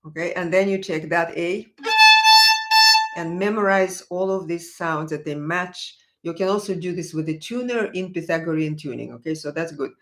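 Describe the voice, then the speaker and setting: A woman's voice: fairly low pitch, normal speed, faint music behind. A woman teaching violin on a live stream, answering viewers' questions in a chatty, encouraging way full of fillers and restarts. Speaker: violin professor.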